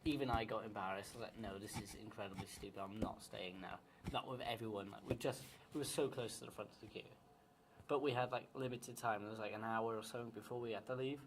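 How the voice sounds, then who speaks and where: A man's voice: medium pitch, fast, low-quality recording. Young guy rambling on a podcast, swears a lot, bit of hiss behind. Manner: chatty, swears, laughs easily. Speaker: podcast co-host. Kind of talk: casual chat. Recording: faint background noise.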